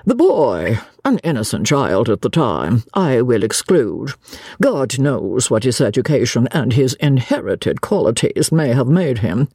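A woman's voice: extremely low pitch, very animated, measured pace, mellow, slightly rough, no room sound, studio quality, exaggerated voice. A woman voicing a pompous, indignant middle-aged English chaplain in a dramatic reading of a classic novel, with a stern, sanctimonious manner.

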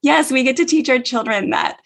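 A woman's voice: sits high, a little fast, creaky. A woman co-hosting a podcast, telling a story in casual talk and acting out the quoted voices. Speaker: podcast co-host.

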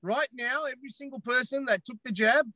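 Emphatic bright-voiced Australian man. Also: very high voice, a little fast, no echo. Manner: emphatic, repeats phrases for effect. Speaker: podcast guest. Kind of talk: podcast interview.

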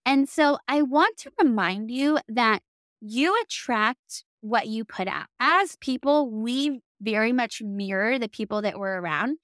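Speaking a little slowly in a slightly high, fairly bright voice, this young business coach from the American South chats upbeatly to camera, often dropping in "like." Her recording is dry and studio-clean.

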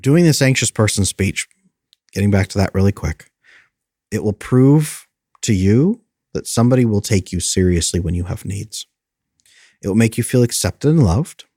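A man coaching viewers on friendship in an emphatic, lively way, often acting out the lines he quotes. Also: lowish voice, moderate pace, husky, dry recording, studio quality. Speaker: attachment coach. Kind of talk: motivational talk to viewers.

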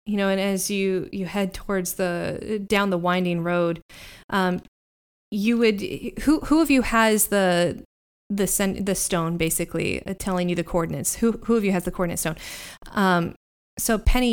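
A woman's voice: medium pitch, clear, resonant tone. A woman narrating as game master of a tabletop game, describing scenes steadily.

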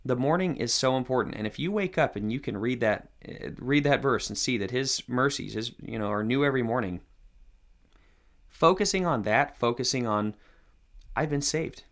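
A man co-hosting a Christian podcast, speaking in a thoughtful, measured way. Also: medium pitch, expressive, fairly bright tone. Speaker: podcast co-host. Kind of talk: casual Christian podcast discussion.

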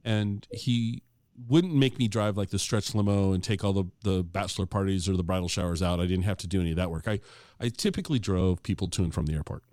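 A man's voice: deep voice, fast, no room sound, clean studio sound. A middle-aged man telling a long anecdote in a casual, conversational way, acting out the dialogue as he goes. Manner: animated, acts out quoted dialogue; conversational, with fillers and restarts. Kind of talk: casual storytelling.

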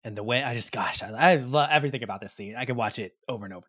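A man co-hosting a podcast in casual chat, recapping excitedly in rambling sentences. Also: medium pitch, quick pace, hardly any pauses, no echo, clean studio sound. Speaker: podcast co-host.

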